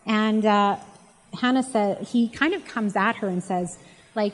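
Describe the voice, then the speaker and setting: A woman's voice: mid-range voice, a little slow. A woman giving a casual, chatty Bible teaching and retelling the story in a conversational way. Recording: long reverb.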